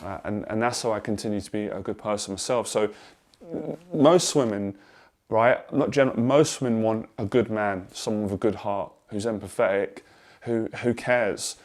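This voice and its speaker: A man's voice: lowish voice, normal speed, darkish tone. A man coaching on dating and confidence, talking straight to the camera in an earnest, emphatic way and repeating phrases for stress. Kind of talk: direct-to-camera advice monologue.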